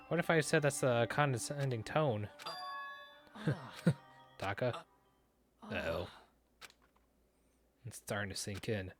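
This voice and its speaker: A man's voice: mid-range voice, slow pace, pauses often. Man narrating a game, music behind. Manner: casual, reads text in hushed narration. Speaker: let's play streamer. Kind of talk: reading game dialogue aloud with commentary.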